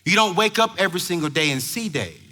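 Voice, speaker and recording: Male motivational speaker, emphatic preacher delivery, bright high tone. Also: expressive, fast. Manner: preachy, emphatic, shouts at peaks. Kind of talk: energetic stage talk to parents. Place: large conference hall before a crowd.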